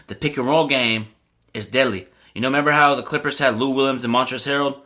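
A young man hosting a sports podcast, talking casually and getting animated as he rants, with lots of "you know what I mean". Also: medium pitch, fast.

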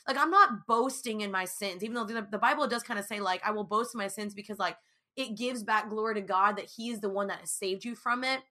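A woman's voice: fairly high pitch, a little fast, sharp tone. A young woman talking casually and earnestly to viewers about her faith, with many fillers. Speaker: Christian speaker sharing her testimony.

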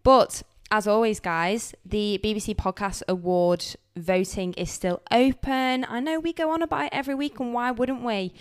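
A woman's voice: a little high, moderate pace, few pauses, clean tone. Bubbly woman podcast co-host. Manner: bubbly, chatty, playful. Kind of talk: casual chat.

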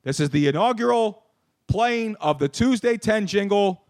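A man's voice: sits high, lively intonation, moderate pace. A man hosting a radio talk show, brash and profane in casual banter.

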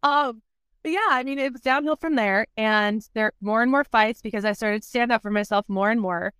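A woman's voice: a little high, fairly quick, a bit bright, clean tone, no echo, clean studio sound. A woman guest on a podcast, candidly telling her story in conversation, often saying "like" and acting out what people said. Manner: candid, fills speech with "like", acts out past quotes.

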